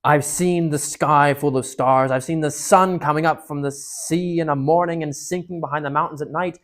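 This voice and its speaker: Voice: medium pitch, steady tone, normal speed, pitched above the performer's own voice, close to an everyday voice. A storyteller reading aloud as a gloomy but stubborn marsh creature, breathless, defiant and impassioned.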